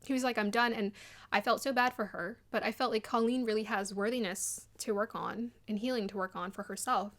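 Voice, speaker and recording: Chatty animated woman commentator. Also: a little high, brisk. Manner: chatty and animated, mimics people in quotes. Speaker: commentator on a dating show. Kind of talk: casual video commentary.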